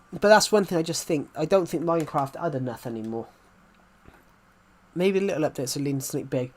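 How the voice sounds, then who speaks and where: Young male streamer, twenties, slightly high voice, rambling casual chat with frequent restarts. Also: fairly quick. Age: 20s. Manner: rambling, often restarts and repeats phrases. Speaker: live streamer.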